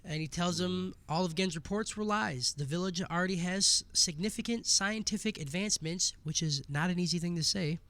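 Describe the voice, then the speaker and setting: A man's voice: high-pitched, moderate pace, few pauses, fairly bright tone. A man co-hosting a casual podcast, recapping anime episodes with crude jokes and lots of swearing. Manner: crude, joking, swears a lot.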